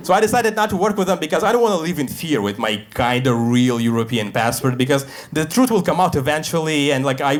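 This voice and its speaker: A man doing a stand-up set in a comedy club, deadpan and self-deprecating, acting out the voices he quotes. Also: medium pitch, slight background noise. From Russia. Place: comedy club stage with a live audience. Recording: live club recording with crowd laughter. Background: audience laughter.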